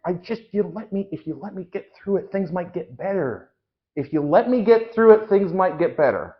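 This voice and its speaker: A man's voice: high voice, animated, normal speed, dull audio. A man improvising an anxious, flustered house seller who rambles nervously and trips over his own sentences in a live comedy show. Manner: rambling, nervous, self-interrupting. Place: small theatre stage.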